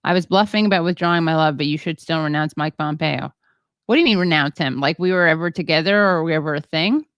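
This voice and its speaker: A woman hosting a livestream, reading viewer comments in a rambling, halting way with many fillers and self-deprecating asides. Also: low-pitched, fairly bright tone, clean tone, dry recording, dull audio. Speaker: show host.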